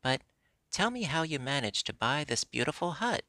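A man's voice: fairly high pitch, very animated, normal speed, bright, forceful tone, no echo, pitched above the performer's own voice, full character voice. A man voicing an earnest wooden puppet boy, eager and pleading, in a storybook reading.

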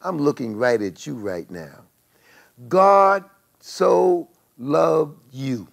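A male pastor preaching a sermon, swelling to emphatic cries and dropping to soft pleas. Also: fairly high pitch, creaky.

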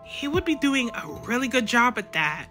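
A woman's voice: a little high, sing-song, moderate pace, sharp tone, soft background music. A woman voicing a pushy male toy elephant contestant in a toy reality-show role-play, urging and persuasive. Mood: scheming. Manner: urgent, persuasive.

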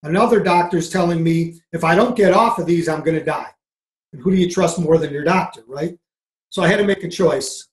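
A man's voice: fairly high pitch, brisk. A middle-aged man, a guest on a podcast, earnestly telling a personal story and acting out past conversations. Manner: earnest, re-enacts conversations in quotes. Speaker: podcast guest, mindset coach. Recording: roomy echo.

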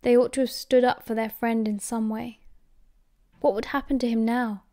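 A woman with a British accent narrating an audiobook in a steady, measured way. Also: fairly high pitch, dry recording, studio quality. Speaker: audiobook reader.

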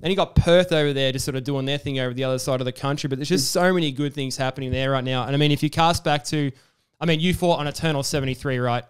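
A man's voice: medium pitch, fast, clear, resonant tone. A young man hosting a sports podcast, chatty and enthusiastic, with lots of fillers. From Australia. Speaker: podcast host. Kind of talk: casual sports interview.

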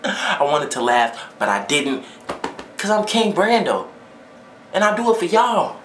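A man hosting a reaction video, chatting casually and exclaiming excitedly. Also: a little high, a little slow, roomy sound, a little hiss or hum. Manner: excitable, exclaims and laughs along.

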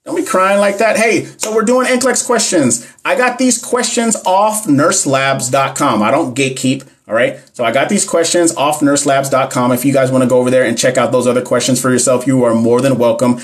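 A man hosting a casual live-stream Q&A as a nurse educator, talking fast and slangy and addressing the chat directly. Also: mid-range voice. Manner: fast-talking, talks fast all the time.

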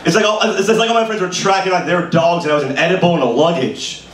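Quick and a bit bright, this man's voice sits high as he works an open mic in a small bar comedy room. He grew up in Brooklyn, New York, and his rambling stand-up set is packed with "you know." The roomy live recording picks him up from a distant mic, with a faint hiss.

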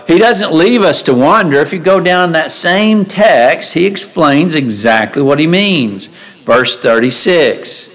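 Male preacher, mid-pitched voice, conversational delivery with rhetorical questions, reads scripture aloud in a church service. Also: lively intonation, measured pace, a bit bright, poor audio. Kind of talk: sermon. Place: church sanctuary.

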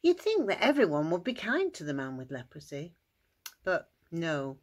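A woman narrating a children's story at school worship in an expressive, sing-song way. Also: fairly low pitch, moderate pace.

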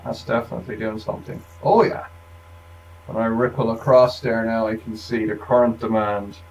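A man's voice: mid-range voice, darkish tone. A man thinking aloud at a workshop bench, rambling casually with wry asides as he demonstrates electronics work. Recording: distant mic with faint room noise.

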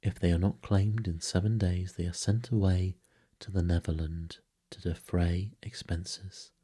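A man voicing a good-natured, cocky young boy in a bedtime storybook reading, speaking softly and half-whispered. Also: low-pitched, little pitch movement, measured pace, breathy edge. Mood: gentle.

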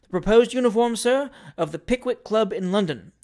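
A timid young gentleman from a classic novel, as a reader puts him on, now stiffly formal and proud. His speech is measured and courteous throughout. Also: medium pitch, expressive, pitched above the performer's own voice, natural voice. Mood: dignified. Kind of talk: audiobook reading of a classic novel.

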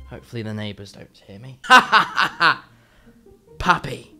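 Animated young Englishman with an English accent. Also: mid-range voice, slow, long pauses, soft background music. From England. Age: young adult. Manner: animated, sarcastic and profane. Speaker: YouTuber. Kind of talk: comedic vlog commentary.

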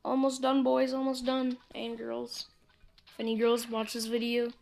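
A high, bright-pitched woman chats through a mobile game as she plays it. Her running commentary is casual and talkative, and she breaks off into little muttered asides. She speaks straight to her viewers and sounds like she is on a phone's built-in mic. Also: monotone, normal speed, gravelly. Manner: chatty, talks to viewers while playing, muttering asides. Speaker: gameplay commentator. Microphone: phone screen recording mic.

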